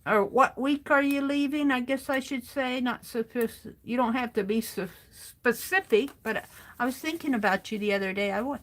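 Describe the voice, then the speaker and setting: A middle-aged woman hosting an art journaling livestream, chatting warmly with viewers by name and reading their comments aloud while she works. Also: fairly high pitch, normal speed. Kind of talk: casual chat while crafting.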